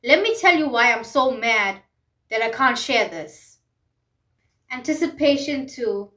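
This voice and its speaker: A high-pitched woman talks at an unhurried pace in a heartfelt music review. She repeats key phrases and keeps asking the listener whether they see her point. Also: expressive, sharp tone. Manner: emphatic, repeats phrases, asks rhetorical questions. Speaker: vlogger. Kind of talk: passionate music commentary monologue.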